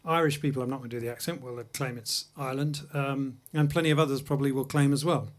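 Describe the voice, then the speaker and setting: A man's voice: medium pitch, fairly even intonation, quick pace. A man from England hosting a music livestream, chatting casually between songs in a studio with self-deprecating, anecdotal humor. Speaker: host and jazz pianist-singer.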